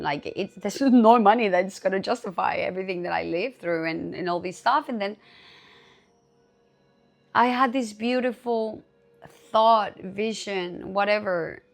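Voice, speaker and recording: Woman podcast host, lowish voice with a gravelly edge, candid solo chat, swears freely. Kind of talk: casual solo podcast talk.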